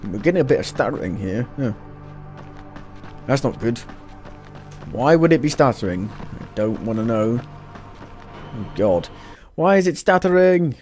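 A man giving gameplay commentary at his home computer, exasperated and swearing, scolding the game out loud. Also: fairly low pitch, lively intonation, a little slow, long pauses, faint music behind. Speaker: let's play gamer.

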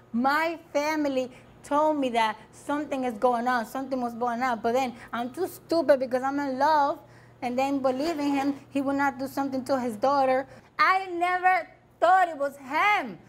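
Woman, high-pitched, talk show guest, after-show interview, upset, emphatic, repetitive. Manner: upset, emphatic, repeating herself. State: distressed.

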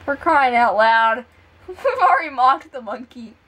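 Giggly, teasing high-voiced young woman. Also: expressive, a little slow, fairly bright tone. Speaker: channel host. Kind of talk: casual chat over a game.

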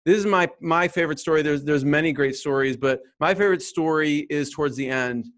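A man's voice: on the high side, brisk, a bit bright. Eager male podcast host. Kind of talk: interview.

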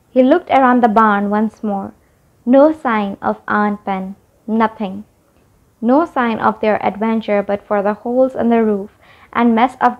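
A woman narrating a children's storybook aloud in a gentle, measured way. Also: a little high, muffled recording. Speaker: audiobook narrator.

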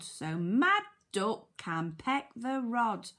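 A woman's voice: mid-range voice, expressive, fairly bright tone. A woman teacher with a British accent, reading a picture book to young children and sounding out letters. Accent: British English. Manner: slow, sing-song, sounds out letters, asks children questions. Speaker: primary school teacher.

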